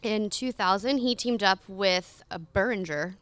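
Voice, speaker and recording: A woman's voice: mid-range voice, measured pace, fairly bright tone. A young adult woman co-hosting a casual podcast, chatty and self-deprecating as she runs through her notes. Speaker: podcast co-host. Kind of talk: casual chat.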